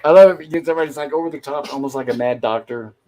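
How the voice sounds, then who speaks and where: A man's voice: a little high, very fast, mellow. A man hosting a show, casually retelling an old TV episode scene by scene. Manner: acts out quoted lines while recapping, chatty. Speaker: host.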